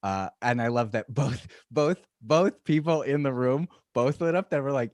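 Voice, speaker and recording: A man's voice: mid-range voice, moderate pace, a little mellow, dry recording, clean studio sound. A man hosting a comedy show, giving a wry opening monologue and introducing comics. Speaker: show host.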